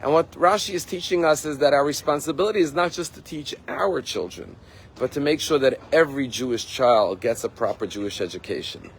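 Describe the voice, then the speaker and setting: A rabbi giving a sermon, telling a story in an earnest, emphatic way. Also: male voice, medium pitch, brisk, husky, poor audio. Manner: earnest, emphatic, acts out quotes.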